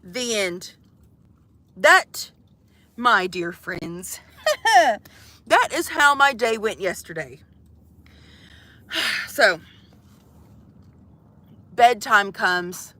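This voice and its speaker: A woman's voice: medium pitch, animated, drawn-out words, pauses often, bright, forceful tone, no echo. A young woman telling a comic, profane story to live viewers from inside a van, exasperated and swearing freely. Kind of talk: casual storytelling livestream.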